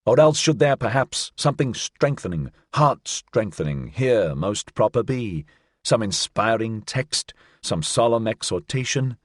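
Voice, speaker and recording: A man reading aloud as a theatrical shadow-wanderer, declaiming a mock-pious song in a lowish, dry voice with wide swings from hush to exclamation. The delivery is storybook and showy, with no room around it. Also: animated, unhurried, dry recording. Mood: bombastic. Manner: declamatory, swinging between hushed and loud exclamations. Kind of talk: dramatic audiobook reading.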